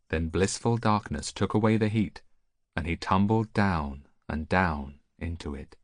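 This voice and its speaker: Male audiobook narrator, very low voice, lively expressive storytelling, dry close recording. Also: a little slow, no echo. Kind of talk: scripted narration.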